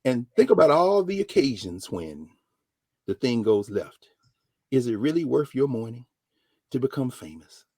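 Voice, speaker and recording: A middle-aged man, telling a story as a professor, his husky voice leaping up and down in pitch. He drops to near whispers and then bursts out loud, acting out each person he quotes. The sound is dry and close. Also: sing-song, unhurried, no room sound. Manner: dramatic retelling, voicing others in quotes, swinging from hushed to shouting. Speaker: professor and regular guest. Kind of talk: animated storytelling lesson.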